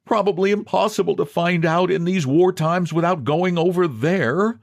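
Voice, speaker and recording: A man's voice: moderate pace, vocal fry. A man voicing a broken middle-aged clerk who pleads pitifully to be believed. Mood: pleading. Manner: pitiful, high and begging.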